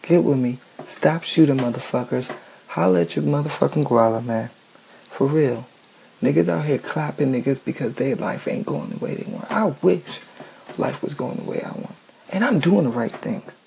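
Man, very gravelly dark voice, lively pitch, blunt profane rant, faint hiss. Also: normal speed, low-quality recording. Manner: blunt, profane, emphatic, often says "you know what I'm saying". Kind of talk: casual ranting monologue.

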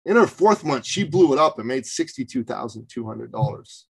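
Animated male storyteller on a podcast. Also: medium pitch, moderate pace, creaky, husky, dry recording, rough recording. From Canada. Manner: animated storyteller, emphatic, religious references. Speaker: podcast guest, business coach. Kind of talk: interview storytelling.

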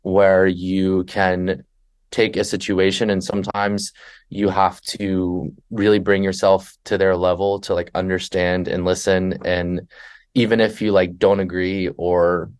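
A man with a fairly low voice, chatting casually as a guest on a podcast. He tells stories animatedly and slips into the voices of the people he quotes. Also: unhurried. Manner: animated storyteller who acts out passengers and himself. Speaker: podcast guest, flight attendant. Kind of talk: conversational podcast interview.

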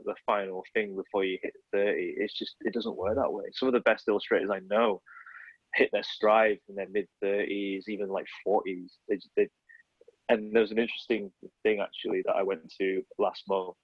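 Husky, low man chatting casually. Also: little pitch movement, moderate pace, no echo, muffled recording. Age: 30s. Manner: rambling, lots of fillers and self-corrections. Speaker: illustrator. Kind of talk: casual podcast conversation.

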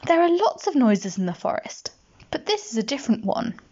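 A woman's voice: a little high, very animated, a little fast, a little mellow, husky, lo-fi sound, pitched above the performer's own voice, heavily acted. Winnie the Pooh, a dreamy toy bear, put on by a woman. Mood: puzzled. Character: gentle, dreamy, slow-witted male toy bear. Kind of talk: storybook reading.

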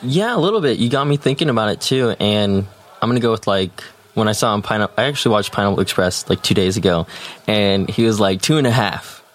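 A young man chats as a podcast guest, casual and playful, fond of putting on voices. His voice sits a little low for a man. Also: fast talker. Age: young adult. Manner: playful, likes doing voices. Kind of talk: casual chat.

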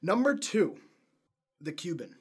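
A man's voice: high-pitched, sing-song, measured pace, husky. A man co-hosting a podcast in casual chat, rambling and laughing at himself. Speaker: podcast co-host.

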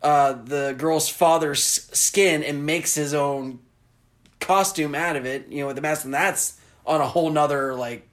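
Southern man, podcast co-host, chatty and excitable, slightly high pitch. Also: measured pace. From American South. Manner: enthusiastic, rambling, acts out movie lines. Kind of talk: casual chat.

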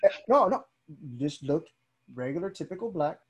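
Husky-voiced man telling stories animatedly. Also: a little high, moderate pace. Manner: animated storyteller, acts out quoted voices. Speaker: podcast host. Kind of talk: casual conversation.

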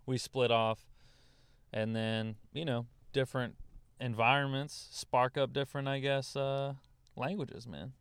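Rambling man, smooth dry voice. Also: medium pitch, little pitch movement, a little slow, fairly bright tone, no room sound. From Louisiana. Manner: rambling, swears freely, laughs often. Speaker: comedian guest. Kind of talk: casual podcast chat. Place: inside a car.

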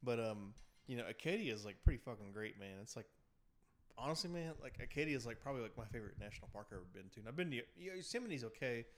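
A man's voice: mid-range voice, expressive, quick pace. Rambling casual man full of fillers. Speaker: podcast co-host. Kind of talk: casual chat.

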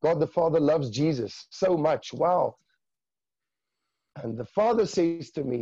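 Guy sharing a testimony, fervent and halting, mellow raspy voice, kinda muffled. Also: fairly high pitch, animated, dry recording. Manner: fervent, halting with repeated restarts. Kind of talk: emotional testimony in conversation.

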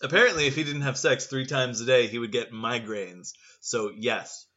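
A man's voice: mid-range voice, moderate pace, pushed and bright, muffled recording. A man co-hosting a podcast in casual chat, with wry, rambling jokes. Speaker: podcast co-host.

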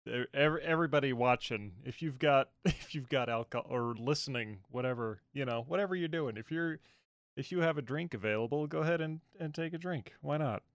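A man tossing joking asides into the conversation at an easy mid pitch. His voice is recorded close and dry. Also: a little fast, no room sound. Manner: joking, relaxed, chimes in with asides. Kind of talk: casual chat.

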